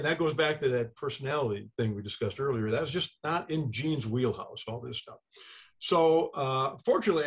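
An older man recounts an anecdote in a rambling, self-deprecating way and acts out the voices of the people he quotes. His voice is husky and of middle pitch. The remote recording sounds dull and lo-fi. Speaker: author and interview guest. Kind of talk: casual storytelling.

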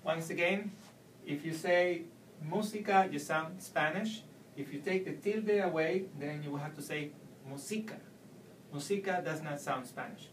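Brief: male language teacher, slightly high voice, patient and repetitive, roomy echo, mic set back. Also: a little hiss or hum. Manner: explains slowly, repeats examples. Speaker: Spanish teacher. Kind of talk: video language lesson. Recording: echoey room, mic at a distance.

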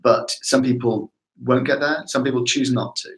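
A man's voice: medium pitch, fairly even intonation, normal speed, rough recording. A man, a literary agent guest on a podcast, giving upbeat plain-spoken advice. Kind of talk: casual chat.

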